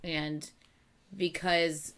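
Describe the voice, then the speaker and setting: Woman host, lowish voice, casual chatty reading and reacting at home. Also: drawn-out words, clean tone. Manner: animated, chatty, thinking aloud with many okays. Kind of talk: casual live reading chat. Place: at home at night.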